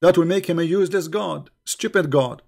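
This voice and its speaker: A man's voice: on the high side, a little fast, vocal fry, darkish tone. Combative, mocking middle-aged man. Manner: combative, mocking, repeats points for emphasis. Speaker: livestream debate host. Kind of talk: polemical livestream commentary.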